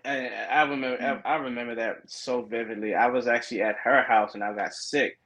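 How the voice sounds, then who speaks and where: A man with a bright, forceful tone talks casually with his co-hosts, full of "like" and "you know". He acts out quoted lines from his own stories in an animated way. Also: medium pitch, fairly quick, poor audio. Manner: animated storytelling, acting out quoted dialogue, many fillers. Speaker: podcast co-host. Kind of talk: casual chat.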